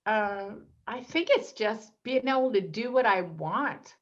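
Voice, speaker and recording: A woman guest in a casual interview, telling personal stories in an animated way and acting out the voices of people she quotes. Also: a little high, takes it slowly, lo-fi sound.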